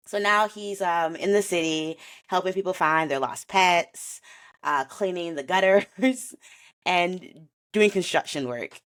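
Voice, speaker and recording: A woman with a low voice hosts a podcast in a loose, conversational way. She talks in an animated, slangy way and laughs often as she recaps a story and unpacks an idea. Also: takes it slowly. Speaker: podcast host. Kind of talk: casual chat about an anime and mindsets.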